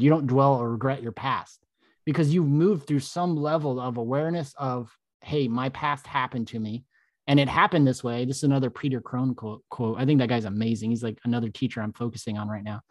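A man's voice: mid-range voice, a little mellow, dry recording. A man co-hosting a casual podcast as a mindset coach, talking in a laid-back, reflective way with lots of "like" and "man.".

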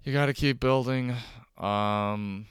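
A man's voice: mid-range voice, takes it slowly, clean tone, dry recording, studio quality. A young man with a Chicago accent, rambling and self-deprecating as host of a casual solo podcast, talking from his couch at home.

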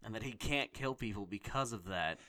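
A man's voice: fairly low pitch, moderate pace, pushed and bright. A man in casual chat, ranting angrily and swearing constantly. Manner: profane, exasperated ranting.

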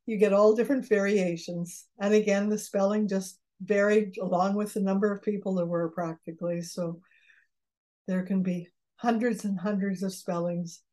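Brief: older woman, warm dark tone, easygoing storyteller in an interview. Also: mid-range voice, steady tone, moderate pace. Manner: storytelling, chuckles at her own jokes. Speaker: genealogist guest. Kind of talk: conversational interview.

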